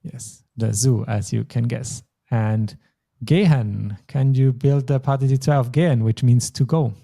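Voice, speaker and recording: A man's voice: medium pitch, steady tone, measured pace, creaky, mellow, husky. A man teaching a language lesson, explaining patiently step by step. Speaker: German teacher.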